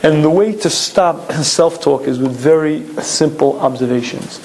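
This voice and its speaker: A man giving a Torah lecture, who clears his throat often and acts out his stories with lively delivery. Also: a little high, a little slow, a little hiss or hum.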